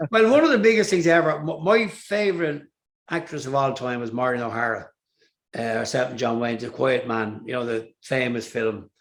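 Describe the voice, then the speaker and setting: Speaking at a moderate pace in a medium pitch, this older man with an Irish accent is a singer from Ireland. He's being interviewed casually and tells meandering stories peppered with fillers and restarts.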